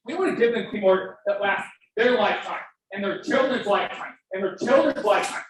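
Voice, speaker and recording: A man's voice: sits high, a little fast, a bit bright. Fervent man in an echoey hall. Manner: fervent, emphatic, breaks into emotion. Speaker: fundraiser speaker. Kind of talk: live fundraising appeal. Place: event hall. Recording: very echoey hall, distant, faint noise.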